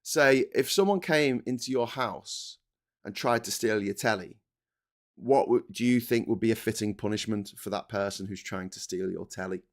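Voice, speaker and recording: A man's voice: fairly low pitch, moderate pace. A man hosting a political commentary monologue, ranting with passion and repeating himself. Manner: impassioned, repetitive, ranting. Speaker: host.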